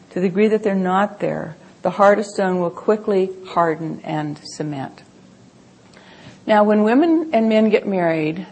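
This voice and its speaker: A woman's voice: fairly low pitch, darkish tone, breathy edge. A middle-aged woman giving an earnest Bible teaching talk, explaining with homely examples from family life.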